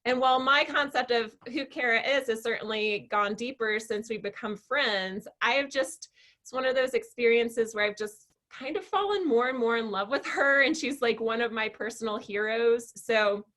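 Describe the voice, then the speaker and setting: Bright-voiced woman hosting a book chat. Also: a little high, normal speed. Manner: chatty, warm storytelling with fillers. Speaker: book club host. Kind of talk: interview.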